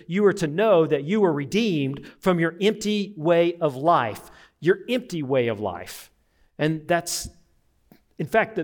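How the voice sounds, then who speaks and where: A man preaching a sermon, animated, acting out the voices of people he quotes. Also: on the high side. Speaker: pastor.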